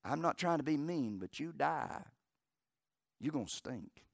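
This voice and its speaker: A middle-aged man preaching a fervent sermon in church, dropping to a hush and rising to a roar. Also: expressive, measured pace, gravelly, no room sound, clean studio sound. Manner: fervent preaching that swings from hushed to booming. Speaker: pastor. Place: church sanctuary.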